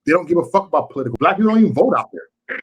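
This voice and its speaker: A man's voice: fairly high pitch, very animated, very fast, husky, muffled recording. A man from Chicago hosting a live talk show, passionate and cursing, stumbling over repeated words when he gets worked up. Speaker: livestream show host. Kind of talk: casual heated call-in talk.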